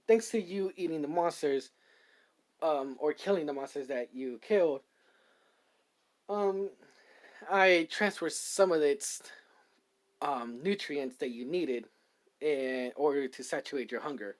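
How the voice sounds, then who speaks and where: A man voicing a calm, know-it-all guiding voice inside a hero's head, flat and matter-of-fact. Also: a little high, measured pace, pauses often, natural voice. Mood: dry.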